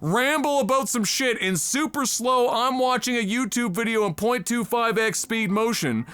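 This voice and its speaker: A man's voice: very high-pitched, moderate pace, bright, forceful tone, smooth, dry recording. A young adult man from Canada, streaming live, rants with sarcastic exasperation and heavy swearing. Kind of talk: profane ranting commentary on a live stream.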